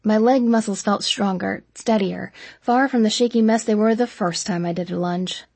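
Husky woman narrating an audiobook. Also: mid-range voice, normal speed, no room sound. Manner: even, storytelling.

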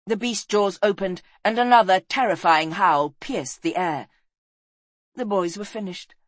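A woman narrating a fantasy adventure book, reading expressively and dropping low and soft in the sad passages. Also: unhurried, dry recording. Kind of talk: dramatic storybook narration.

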